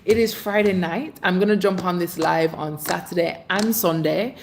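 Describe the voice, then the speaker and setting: A woman's voice: on the low side, normal speed, slight background noise. A woman hosting a casual livestream, chatting affectionately with her viewers as she reads their comments. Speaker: livestream host. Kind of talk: casual live chat reading comments.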